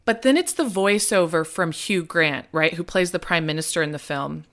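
A woman from Nebraska co-hosting a podcast, chatting about a film in an animated, emphatic way. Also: fairly low pitch, moderate pace. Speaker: podcast co-host. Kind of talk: casual film discussion.

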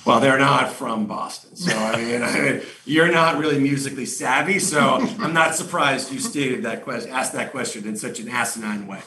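Middle-aged man, teasing and animated, forceful bright tone, roomy echo from a mic set well back. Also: medium pitch, moderate pace, few pauses. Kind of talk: casual chat. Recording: roomy, distant mic, faint noise.

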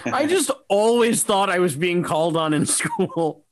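A man in his forties chats as a guest on a podcast. He tells his stories in an easygoing way and laughs often. His voice is a touch high for a man. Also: big pitch swings, unhurried, a little hiss or hum. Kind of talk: casual chat.

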